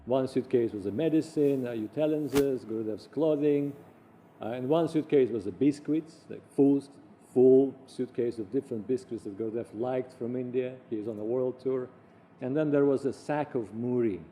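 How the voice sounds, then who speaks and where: A man recounting personal anecdotes in an animated way, acting out the voices of the people he quotes. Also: medium pitch, normal speed, a little hiss or hum.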